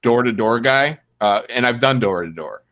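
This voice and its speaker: A man's voice: mid-range voice, animated, normal speed, fairly bright tone. A man chatting casually on a podcast, rambling and joking about himself with frequent restarts. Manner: rambling, self-deprecating, many restarts. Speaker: podcast panelist. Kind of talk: casual chat.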